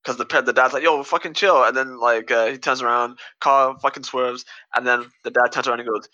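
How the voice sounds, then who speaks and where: Bright, animated guy recapping a film. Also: mid-range voice, a little fast, lo-fi sound. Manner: animated, profane, laughs often, acts out lines. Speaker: podcast co-host. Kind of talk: casual movie recap chat.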